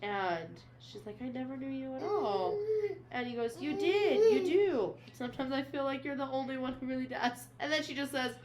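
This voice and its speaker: A woman's voice: high-pitched, a little fast, slight background noise. Chatty woman recapping a book. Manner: animated, reads quoted lines aloud, many fillers. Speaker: podcast co-host. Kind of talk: casual book chat, recapping a novel.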